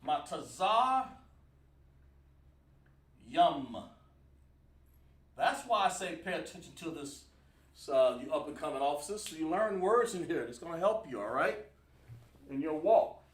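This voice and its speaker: A man's voice: a little high, expressive, moderate pace, long pauses. A man teaching a livestreamed scripture class, emphatic and quizzing his online audience. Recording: roomy sound from a distant mic.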